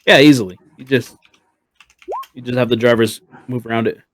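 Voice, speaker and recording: A man's voice: medium pitch, steady tone, brisk, slight background noise, rough recording. A man narrating as game master in a streamed tabletop game, rambling and full of fillers. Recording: streamed voice chat.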